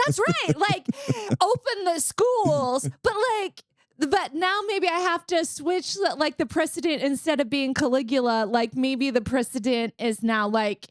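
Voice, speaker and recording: A woman co-host riffs through a casual comedy podcast with sardonic, animated energy. Her voice sits a little higher than usual. The sound is dry and close. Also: measured pace, dry recording. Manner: sardonic, animated storytelling with many "like"s.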